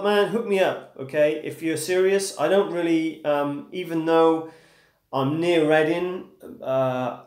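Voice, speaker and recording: A fairly high, creaky, slightly mellow voice belongs to this English guitar teacher streaming live. Casual and encouraging, he checks in with "okay?" and calls viewers "dude" and "man", while guitar sounds fill an echoey room.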